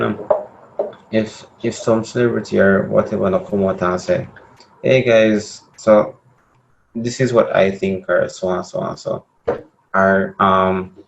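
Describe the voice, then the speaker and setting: A young Jamaican man co-hosting a podcast, speaking in a halting way and repeating words as he thinks. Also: lowish voice, gravelly, a little hiss or hum. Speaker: podcast co-host. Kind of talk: casual debate chat. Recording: dull lo-fi sound.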